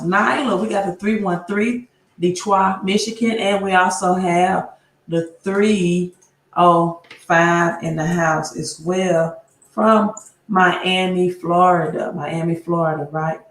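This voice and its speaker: A woman's voice: fairly low pitch, takes it slowly. A woman hosting a live stream, greeting viewers one by one and often tagging her phrases with "right?". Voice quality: repeats place names, tags phrases with "right?". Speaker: livestream host. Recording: roomy echo.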